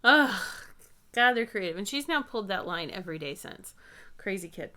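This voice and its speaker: A woman in her thirties hosts a podcast in a relaxed, casual chat. She tells family stories in a warm-hearted, chatty way at a middle pitch. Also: moderate pace. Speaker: podcast host.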